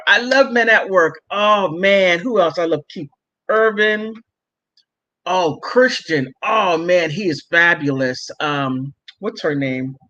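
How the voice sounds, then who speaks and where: Her voice sits low but sounds a bit bright: a middle-aged woman hosting a casual livestream and reading comments from viewers. The audio is muffled and lo-fi, and she's emphatic and quick to laugh.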